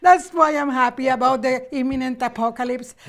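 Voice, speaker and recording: A middle-aged woman comedian chatting as a guest, animated and rambling, with frequent laughter. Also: high voice, brisk, background noise. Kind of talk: casual comedic chat.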